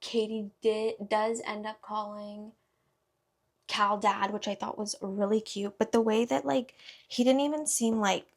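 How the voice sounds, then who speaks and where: A woman's voice: medium pitch, fairly even intonation, a little slow. A woman beauty vlogger in casual get-ready-with-me chat, rambling with lots of fillers while she does her makeup. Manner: rambling, filler-heavy, chatty.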